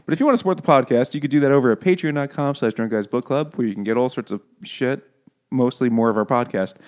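Over beers, a man co-hosts a casual book podcast, joking, swearing freely and laughing at his own jokes. He talks fast at a medium pitch with a darkish tone, and he comes from a half Irish family.

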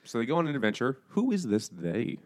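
A man's voice: medium pitch, very animated, brisk. A man co-hosting a casual podcast, joking around and laughing often. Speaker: podcast co-host. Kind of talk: casual chat over beers.

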